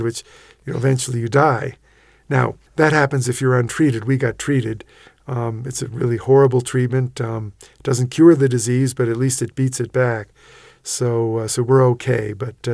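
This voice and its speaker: A man telling vivid stories as a guest in a radio interview, animated, with frequent restarts. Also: mid-range voice, vocal fry, no echo, clean studio sound. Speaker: interview guest, expedition writer.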